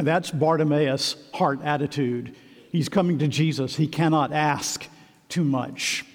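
A man's voice: on the high side, darkish tone, long reverb tail. A man preaching a sermon as pastor, emphatic and repeating key phrases, in a church.

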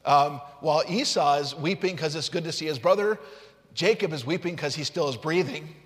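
High-voiced preacher in a reverberant hall. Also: male voice, moderate pace. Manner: animated, acts out the characters. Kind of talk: sermon with scripture reading. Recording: long reverb in a large room.

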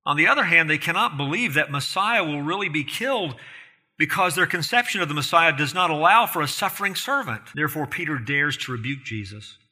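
A man's voice: fairly high pitch, animated, a little fast, sharp tone. A man preaching an expository sermon, earnest and emphatic, often putting rhetorical questions to his listeners. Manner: emphatic, rising in force on key points.

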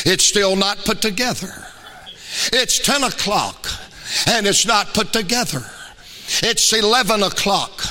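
Male preacher, very high pitch, bright sing-song cadence, shouts at peaks; use for sermon clips. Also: slight background noise.

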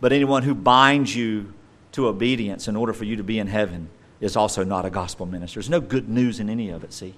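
A middle-aged pastor preaches fast in a lowish voice. He swings between loud, emphatic stresses and quiet, conversational asides.

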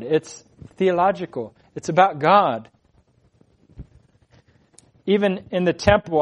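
A male preacher delivers a verse-by-verse sermon with earnest conviction. His voice sits a little higher than most men's. He leans hard into key phrases and swells louder on them. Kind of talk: expository sermon.

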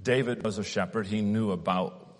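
A man preaching a sermon at an unhurried, deliberate pace, with some restarts. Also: fairly low pitch, big-room sound.

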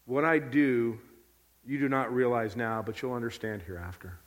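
A preacher voicing a calm male teacher, speaking lower and softer in a measured, reassuring way. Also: natural voice. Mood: gentle. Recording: long hall reverb.

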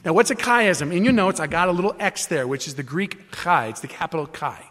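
High-voiced preaching man. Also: animated, brisk, a bit bright. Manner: emphatic, explanatory, with frequent restarts and fillers. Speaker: pastor. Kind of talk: sermon teaching.

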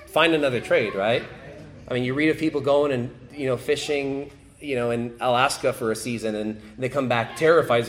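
A man preaching a sermon, repeating key phrases and rising sharply when he quotes pleas. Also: mid-range voice. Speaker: pastor.

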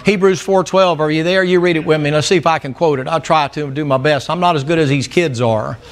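A man's voice: fairly high pitch, a little fast. A middle-aged man preaching a sermon in church, blunt and folksy, telling stories. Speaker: pastor.

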